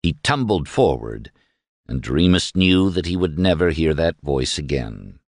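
A man narrating a novel as an audiobook reader, measured and expressive. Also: rumbling low, dry recording, studio quality. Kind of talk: scripted narration.

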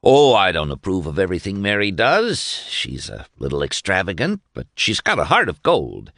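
A man's voice: deep voice, wildly swooping pitch, moderate pace, creaky, fairly bright tone, dry recording, clean studio sound, full character voice. A man voicing a pompous, overly cordial young male lawyer with stiff, formal, senatorial speech in an audiobook reading.

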